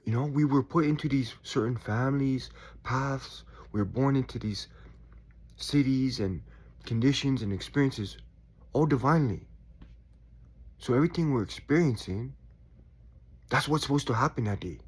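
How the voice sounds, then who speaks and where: A man in his forties talking in a calm, reflective way about staying chill, with sighs and quiet asides. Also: medium pitch, moderate pace, long pauses, husky. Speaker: spiritual vlogger. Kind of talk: casual reflective monologue.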